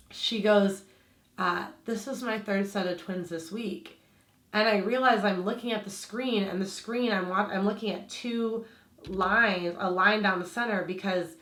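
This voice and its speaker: A vlogger with a slight lisp from her aligner trays tells a personal story to camera in a chatty style, using lots of "like" fillers. Her mid-range voice is a bit bright, and the room is echoey.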